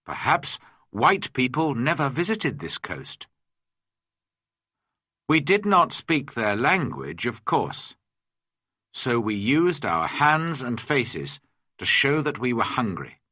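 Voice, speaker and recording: A man slowly reading a graded story aloud for English learners, in an expressive, dramatic way. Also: medium pitch, husky, no room sound, clean studio sound.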